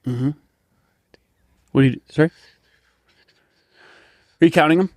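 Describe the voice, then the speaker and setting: A man playing a halting male dog owner handing over his many pets, full of ums and uhs in an improvised sketch. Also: on the high side, no echo, studio quality, natural voice. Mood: breezy. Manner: halting, filler-heavy.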